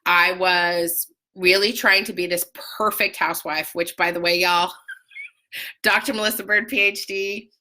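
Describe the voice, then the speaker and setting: A woman talking casually to viewers in a live video, telling an emotional personal story with animated, sudden high outbursts and greeting viewers by name. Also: a little slow. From Utah. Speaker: life coach sharing a personal story.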